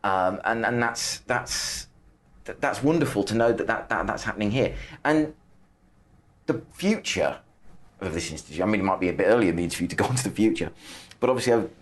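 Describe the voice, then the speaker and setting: Animated, chatty male podcast host. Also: on the low side, a little fast. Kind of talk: interview questions.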